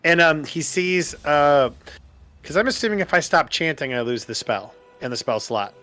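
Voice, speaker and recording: Guy playing d&d, kinda high bright voice, dry close sound, lots of likes and ums. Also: expressive, moderate pace, no echo, faint music behind. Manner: thinks aloud with many fillers. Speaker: player. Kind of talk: playing a tabletop game.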